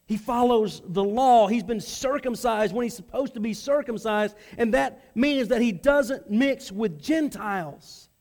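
The preacher, a man with a high voice, speaks unhurriedly and with few pauses, his tone a little mellow. He delivers his sermon to the congregation conversationally, restarting phrases with repeated words and acting out the people in his story.

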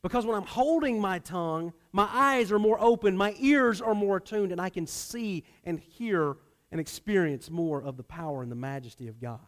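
A man preaching a sermon, a pastor who swings from loud emphasis to hushed, low delivery. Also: expressive, normal speed.

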